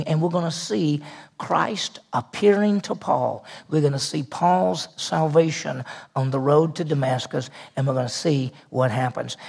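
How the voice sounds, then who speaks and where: A man's voice: a little high, creaky, darkish tone, breathy edge. A man preaching a sermon in a conversational way, with asides and repeated phrases. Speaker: pastor.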